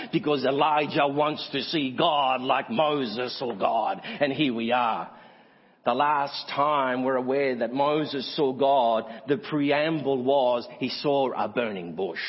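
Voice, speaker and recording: A man preaching a sermon as pastor, asking the congregation direct questions and swinging from high emphatic peaks to quiet asides. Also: husky. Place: church. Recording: muffled church sermon recording with long reverb.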